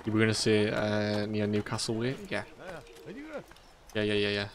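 Chatty northeast English streamer. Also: male voice, lowish voice, completely flat delivery, normal speed, noisy background. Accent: Geordie and Mackem. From northeast England. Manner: rambling, chatty, laughs often. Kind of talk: casual gameplay commentary.

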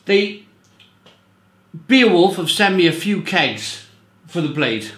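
A man talks through a beer review in a loose, rambling way, circling back and repeating phrases to drive his points home. His voice sits a little high. The room around him rings with a noticeable echo. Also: sing-song, takes it slowly, a bit bright. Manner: rambling, repeats himself, emphatic. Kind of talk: casual review monologue.

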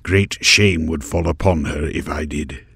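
A man's voice: rumbling low, a little slow, vocal fry, slightly rough, no room sound, studio quality, full character voice. Man doing a meek ragged servant. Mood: submissive. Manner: quiet, meek. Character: humble ragged male servant, submissive.

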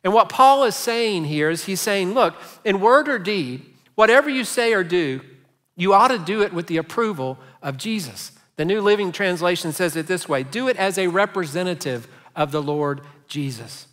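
A man's voice: high voice, animated, moderate pace, fairly bright tone, big-room sound. A man preaching a sermon as pastor, telling stories and asking rhetorical questions in a conversational way. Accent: Texan. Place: large church sanctuary.

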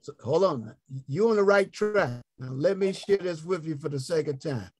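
A man teaching a health ministry group over an online call, slowly spelling out and repeating words as he invites answers. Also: on the high side, a little mellow, slightly rough, dry recording, clean studio sound. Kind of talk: interactive online teaching talk.

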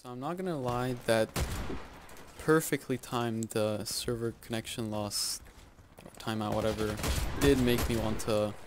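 A man giving live gameplay commentary, excitable and self-mocking, yelping and groaning as he plays. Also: medium pitch, measured pace, a little hiss or hum. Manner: excitable, yelps and groans at in-game deaths; self-mocking, joking asides. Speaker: video game YouTuber. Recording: loud game gunfire under the voice.

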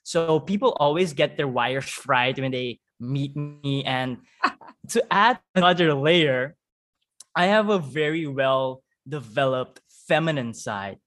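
A man from Suriname, a guest telling stories about himself in casual conversation, expressive and quick to laugh. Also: mid-range voice.

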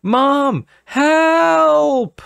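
A man voicing a scared, whiny little boy with high, panicky pleading in an audiobook. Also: huge pitch swings, moderate pace, no room sound, studio quality, exaggerated voice. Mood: terrified. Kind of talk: audiobook character voice.

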